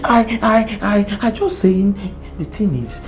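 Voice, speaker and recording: A woman's voice: medium pitch, lively intonation, slow, faint music behind. A woman plays a shop owner who speaks broken English and stammers as she pleads. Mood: pleading. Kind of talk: film drama acting. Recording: film audio with loud score.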